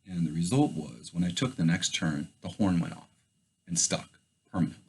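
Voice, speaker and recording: Husky low-voiced man telling a wild tale. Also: moderate pace. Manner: loose, profane, animated retelling with quoted inner thoughts. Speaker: storyteller. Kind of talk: casual first-person storytelling.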